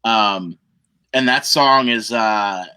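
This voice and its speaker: Bright-toned man telling a lively story. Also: fairly low pitch, slow pace, clean tone. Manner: animated storyteller who acts out other people's lines. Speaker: guest musician. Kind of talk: casual podcast storytelling.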